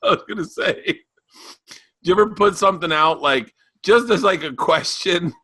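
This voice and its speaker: A man in his forties, a podcast guest telling animated stories in a raspy, loud voice. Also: high-pitched, moderate pace, no echo. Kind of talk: casual chat.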